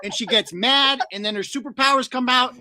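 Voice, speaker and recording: A man giving a profane, sarcastic comedic rant in an animated way. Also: very high voice, fairly quick, dry recording.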